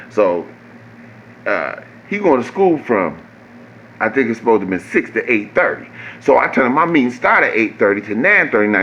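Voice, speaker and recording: A man, telling a profane, animated story that jumps high when he gets exasperated. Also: lo-fi sound, slight background noise. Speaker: vlogger. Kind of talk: casual storytelling.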